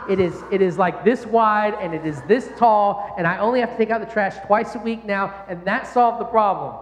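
Animated man preaching in an echoey hall. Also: high-pitched. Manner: animated, conversational preaching with rhetorical questions. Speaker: pastor. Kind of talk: sermon.

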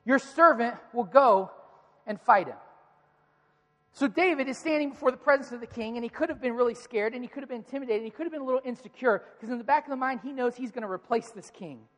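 A preacher retelling a story to a congregation in a playful, animated, conversational way. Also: high voice, very fast, hardly any pauses. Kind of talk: storytelling sermon. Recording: reverberant hall.

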